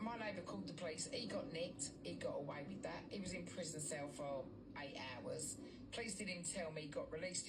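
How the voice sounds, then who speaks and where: A woman telling a story in casual chat. She is blunt, swears heavily and acts out the dialogue. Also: on the low side. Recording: distant mic, faint background noise.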